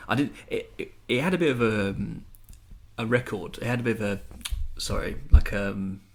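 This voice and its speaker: A man's voice: lowish voice, moderate pace. A young man co-hosting a podcast, rambling and swearing in casual chat. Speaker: podcast co-host.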